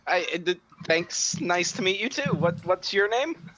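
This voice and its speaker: A young man playing a tabletop game, speaking in a hesitant, halting way. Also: sits high, expressive, fairly bright tone, a little hiss or hum. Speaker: player. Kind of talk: casual tabletop game play.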